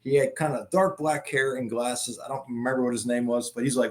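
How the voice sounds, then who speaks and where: A man's voice: medium pitch, fairly even intonation, a little fast, darkish tone. Profane rambling man telling stories. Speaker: guest. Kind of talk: casual chat.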